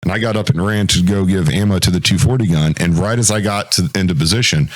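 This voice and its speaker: A military veteran talking casually on a podcast, telling a war story in a rambling, profane way and acting out what people said. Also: male voice, deep voice, quick pace. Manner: acts out quoted voices.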